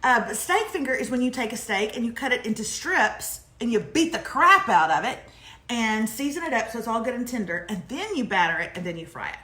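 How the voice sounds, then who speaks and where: Woman, forties, chatty storyteller, fairly high voice, echoey room. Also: big pitch swings, brisk, pushed and bright. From Texas. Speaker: co-host of a morning live show. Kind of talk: casual live chat.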